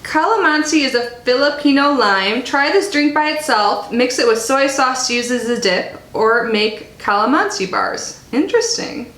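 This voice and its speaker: A woman's voice: high-pitched, lively intonation, normal speed, few pauses, fairly bright tone. A woman casually chatting in an unboxing vlog, reading snack labels aloud and talking while she chews. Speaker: subscription box reviewer. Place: home in Florida. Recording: echoey room with faint noise.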